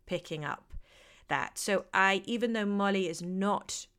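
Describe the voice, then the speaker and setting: A British actress telling candid, wry stories as a guest in a conversational interview. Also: female voice, medium pitch, a little slow, fairly bright tone, clear, resonant tone.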